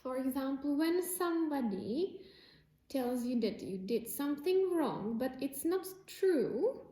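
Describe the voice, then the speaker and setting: Woman teacher, slow simple phrasing, children's lesson, echoey room. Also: high voice, lively intonation, warm tone.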